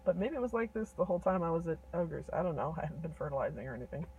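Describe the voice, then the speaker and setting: A woman's voice: low voice, rapid-fire, a little mellow, lo-fi sound, slight background noise, pitched below the performer's own voice. A woman voicing a selfish, grumpy old male giant in a retold fairy tale, speaking in casual modern slang. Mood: puzzled.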